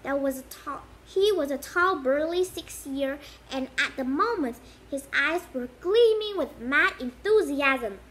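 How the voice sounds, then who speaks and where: A woman's voice: high voice, expressive, measured pace, hardly any pauses, fairly bright tone, rough recording. A woman reading a storybook aloud as an amateur audiobook, often stopping to restart a phrase. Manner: reads with frequent restarts.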